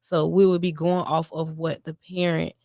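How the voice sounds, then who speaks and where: A woman talks about raising her kids in an earnest, repetitive way. Her voice sits a little low, and the sound is dry and close. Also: flat delivery, normal speed, dark tone, dry recording. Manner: earnest, repeats herself, acts out lines to her kids. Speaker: parent coach guest. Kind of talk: casual podcast conversation.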